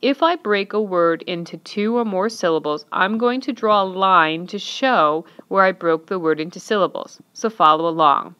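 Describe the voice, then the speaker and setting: A woman's voice: fairly low pitch, normal speed, few pauses, fairly bright tone, smooth, muffled recording. A woman teacher narrating an instructional lesson, patiently counting and clapping out syllables step by step.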